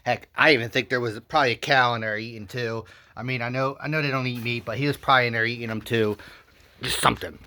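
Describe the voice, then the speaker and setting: A man telling a rambling satirical comedy story with goofy, deadpan asides. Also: medium pitch, fast talker.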